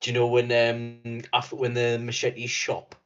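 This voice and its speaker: A man's voice: mid-range voice, completely flat delivery, moderate pace, muffled recording, soft background music. A man co-hosting a podcast in casual chat, laid-back with dry quips. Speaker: podcast co-host.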